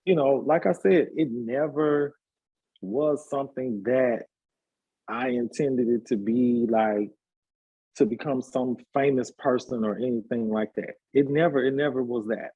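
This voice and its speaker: A man in his fifties, a hairstylist and party promoter, telling his life story in a relaxed interview with lots of fillers. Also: mid-range voice, measured pace, husky. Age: 50s. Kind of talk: casual conversational interview.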